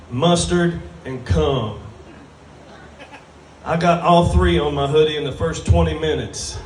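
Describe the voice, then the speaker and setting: Guy doing standup, crude drawl, kinda high voice, far from the mic in an echoey bar. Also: slight background noise. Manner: drawling, crude, self-mocking. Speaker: stand-up comedian. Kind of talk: stand-up comedy set. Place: brewery stage with live audience. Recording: roomy live venue from a distance.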